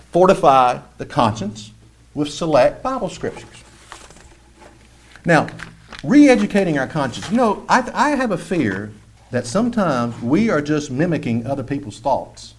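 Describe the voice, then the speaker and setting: Animated high-voiced male preacher. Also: a little slow. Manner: animated, mocking impressions of churchgoers. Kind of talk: sermon.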